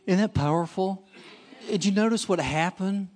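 A man hosting a seminar, commenting on a story with quick, emphatic energy. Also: high-pitched, a little mellow. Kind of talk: sermon commentary.

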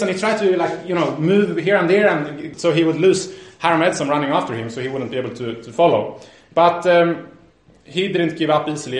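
A man preacher telling a story in a sermon, with a lively, animated delivery and frequent restarts. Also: on the high side. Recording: roomy echo.

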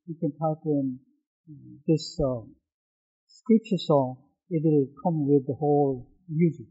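A middle-aged man, a native Korean speaker, teaching a sermon-style lesson on scripture, halting between phrases and stressing single words. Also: fairly high pitch, steady tone, warm tone, breathy edge. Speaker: pastor teaching devotion. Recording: dull lo-fi recording.

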